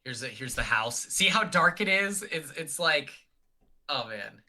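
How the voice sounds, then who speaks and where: A man's voice: on the high side, lively intonation, unhurried, sharp tone. A young man rambling in a casual livestream chat with lots of fillers, on a call. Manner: chatty, rambling, many fillers. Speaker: guest.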